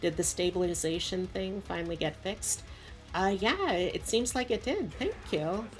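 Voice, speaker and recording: A woman's voice: lowish voice, animated, normal speed, faint music behind. A woman VTuber chatting casually while she draws on stream, rambling with lots of asides.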